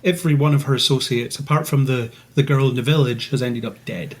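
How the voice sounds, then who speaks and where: A man's voice: mid-range voice, steady tone, fairly quick. A man, a guest on a podcast, chatting casually in a thoughtful, dryly amused way. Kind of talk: casual chat.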